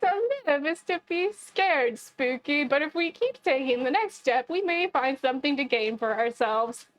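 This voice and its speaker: A woman's voice: sits high, expressive, moderate pace. A young woman streamer reading game dialogue aloud, often breaking into giggles. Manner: giggly, keeps breaking into laughter while reading.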